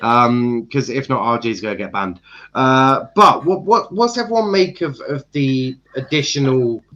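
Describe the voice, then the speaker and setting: A man's voice: medium pitch, measured pace, lo-fi sound, noisy background. A man hosting a casual online football chat, teasing his co-hosts and restarting his sentences. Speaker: stream host.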